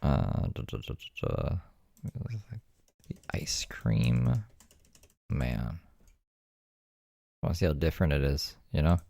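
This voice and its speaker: A man's voice: rumbling low, very animated, slow pace, gravelly, long pauses, warm tone, no echo. A man streaming and reacting to other streams, laid-back and joking, swearing casually. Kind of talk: casual live-stream chat.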